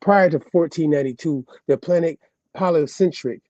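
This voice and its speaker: A man, reading an article aloud and commenting casually, slowly and with stumbles over words. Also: fairly high pitch, dark tone, no echo, muffled recording.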